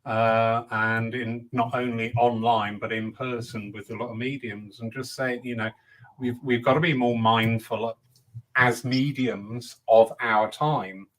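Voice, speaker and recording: Man, host, casual chat, chatty, mid pitch. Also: level tone, measured pace, a bit bright, poor audio. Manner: chatty, acts out quoted voices. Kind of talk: casual panel discussion.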